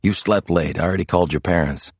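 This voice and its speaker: A man's voice: sits low, fast, no room sound. A man voicing an easygoing, teasing young man with a laid-back, playful manner, in a storybook reading.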